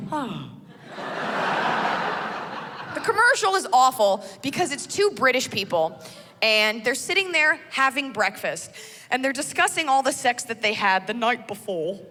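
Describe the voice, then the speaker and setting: A woman performing stand-up comedy with animated delivery and big swings in tone. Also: sits high, in a large hall, noisy background.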